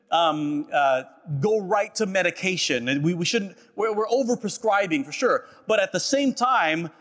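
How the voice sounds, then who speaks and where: A man's voice: high voice, fairly bright tone. A man preaching a sermon as a pastor, earnest and personal, often repeating phrases and checking in with "right?". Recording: echoey hall.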